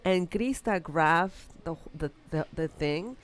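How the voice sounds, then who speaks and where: A woman hosting a podcast in a studio, telling a story in casual chat and pausing to search for words. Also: fairly low pitch, animated.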